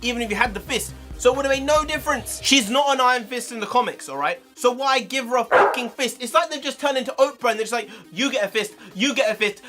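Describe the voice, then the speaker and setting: A man, ranting heatedly in a review vlog, swearing, his pitch swinging up and down. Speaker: video reviewer.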